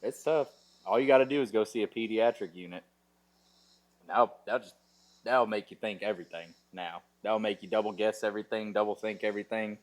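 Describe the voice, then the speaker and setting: A man's voice: fairly low pitch, a little fast. A man chatting casually on a podcast, making blunt, laid-back remarks. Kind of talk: casual chat.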